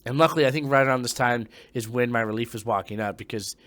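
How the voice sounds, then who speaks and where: A young man recounts a night on guard duty in a loose, profane storytelling voice. He sinks into hushed tones and then bursts out loudly. His voice sits at an ordinary middle pitch and the sound is dry and close, with no room around it. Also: fast talker, no echo. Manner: profane, animated retelling with hushed and sudden loud bursts. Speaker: former Marine storyteller. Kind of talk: casual spoken storytelling.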